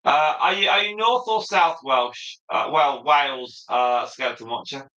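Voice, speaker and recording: Bright, sharp-voiced male livestream host. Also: mid-range voice, a little slow, roomy sound, lo-fi sound. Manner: chatty, reads viewer comments aloud and answers them. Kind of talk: casual livestream chat.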